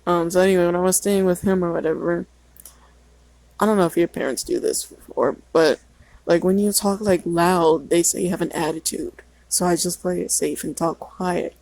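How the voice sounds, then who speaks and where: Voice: medium pitch, moderate pace, vocal fry, a little mellow, dry recording, poor audio. A teenager rambling and venting in a casual vlog, full of "like" and swearing. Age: teens. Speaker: vlogger.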